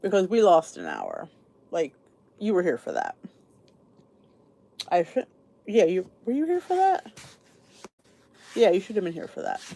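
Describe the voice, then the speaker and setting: Chatty, lively-pitched tired woman host. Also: measured pace, vocal fry, pauses often. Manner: chatty, rambling, greets viewers by name. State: tired, sleepy. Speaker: podcast host. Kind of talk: casual live-stream chat.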